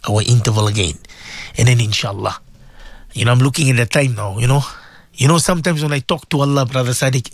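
A man, a maulana presenting a live radio show, leading an emotional supplication that rises into pleading shouts and turns tearful at times. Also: medium pitch, no echo.

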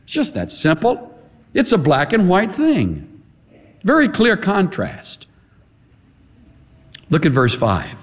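A man preaching a sermon, impassioned and emphatic, with repeated staccato phrases and swings between quiet low passages and high forceful ones. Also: huge pitch swings, slow pace, pauses often. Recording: long hall reverb.

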